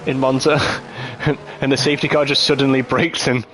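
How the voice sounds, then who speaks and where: A man's voice: mid-range voice, moderate pace, background noise. Jokey man calling a sim race. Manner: chatty, jokey, builds up excitement at race starts. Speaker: lead sim racing commentator. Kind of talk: race commentary.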